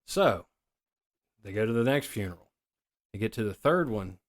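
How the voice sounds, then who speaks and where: A man's voice: fairly low pitch, normal speed, pauses often. A middle-aged man telling profane stories in a casual podcast chat. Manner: profane, animated storyteller. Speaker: podcast co-host.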